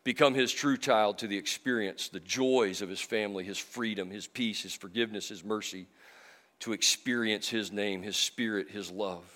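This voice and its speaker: A middle-aged man preaching a sermon in church, emotional, moving from loud emphasis to soft, slow passages. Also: lowish voice. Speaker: pastor.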